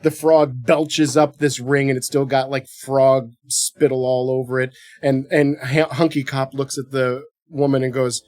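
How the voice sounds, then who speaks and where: A man's voice: mid-range voice, flat delivery, moderate pace, hardly any pauses, a little mellow, no room sound, studio quality, soft background music. A man co-hosting a podcast in casual movie chat, jokey and swearing freely. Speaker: podcast co-host.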